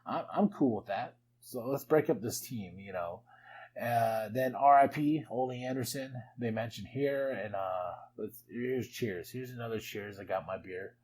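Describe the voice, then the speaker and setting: A man hosting a podcast, recapping wrestling in a casual, excitable way with frequent laughs and chatty asides. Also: mid-range voice, measured pace, a little hiss or hum, poor audio. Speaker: podcast host.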